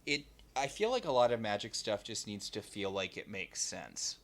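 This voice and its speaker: A man's voice: on the low side, sing-song, moderate pace, fairly bright tone, a little hiss or hum. A man co-hosting a podcast, recapping a TV episode in casual chat with asides. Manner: recounts plot with asides and frequent fillers. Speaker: podcast co-host.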